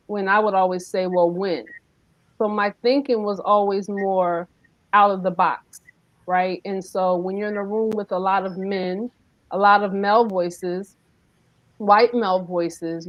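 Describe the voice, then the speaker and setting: A woman's voice: medium pitch, dry recording, lo-fi sound. A woman answering an interview question emphatically, posing rhetorical questions as she goes. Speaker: guest entrepreneur.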